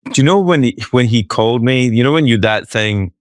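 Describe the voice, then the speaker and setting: A man's voice: medium pitch, expressive, fairly quick, no room sound. A man hosting a podcast in casual chat, joking and swearing freely while on a remote call. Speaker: podcast host. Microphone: remote call, he is far from his guest.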